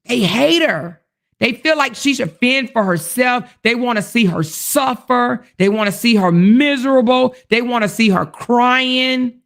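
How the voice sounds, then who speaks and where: A woman's voice: on the high side, expressive, a little slow, vocal fry. A woman hosting a casual livestream, speaking directly to her viewers and reading their chat comments aloud. She is indignant and emphatic, and she repeats her points.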